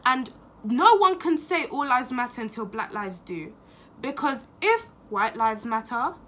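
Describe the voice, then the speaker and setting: Impassioned high-voiced young woman. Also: pushed and bright, slight background noise. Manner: impassioned, emphatic, repeats phrases for stress. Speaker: vlogger. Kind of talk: casual opinion vlog.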